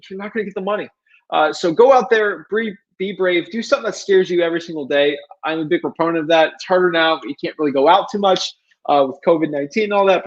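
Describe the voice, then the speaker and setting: A young man coaching real estate wholesalers in a casual spoken tutorial, chatty and repetitive with lots of fillers and animated asides. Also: a little high. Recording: dull lo-fi audio.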